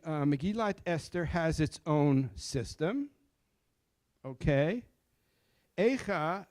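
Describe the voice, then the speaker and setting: A man's voice: fairly high pitch, a little mellow, no echo. An older man, a cantor, giving an informal lecture to a study group, explaining patiently and asking his listeners questions before answering them himself. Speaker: cantor teaching Torah chant.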